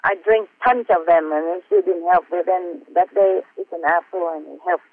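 A man reads aloud from his personal diary, halting and earnest, with frequent pauses and fillers. His voice sits somewhat high and is recorded close and dry, with no room sound around it. The audio is thin and tinny, as if coming down a phone line. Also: dry recording. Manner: halting, hesitant, with frequent fillers and self-mocking laughs; earnest, heartfelt.

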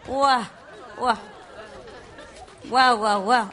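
A woman's voice: fairly high pitch, slow pace, pauses often, a bit bright, some chatter behind. A woman leading a spiritual center gathering who talks casually with a live audience. She teases people playfully, coos fondly at her pets, and speaks English with loose non-native grammar. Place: indoor room with an audience. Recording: noisy live room recording.

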